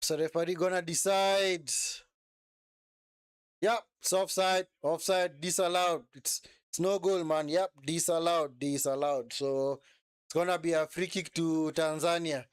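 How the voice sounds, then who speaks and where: A man's voice: a little high, measured pace, clean tone, no echo, clean studio sound. A man hosting a live football watch-along, reacting to the match and asking viewers to subscribe. He repeats himself and keeps saying "man". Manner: animated, repeats phrases, says "man" often.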